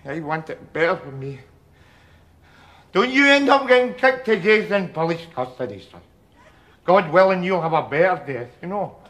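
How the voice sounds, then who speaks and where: A scruffy Glasgow man, high bright voice, swooping pitch, rambling, sardonic, stammering. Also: animated, normal speed, pauses often, muffled recording. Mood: sardonic rant. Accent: Glaswegian. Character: scruffy middle-aged Glasgow man, sardonic, ranting, jailed. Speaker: sitcom lead. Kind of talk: sitcom monologue.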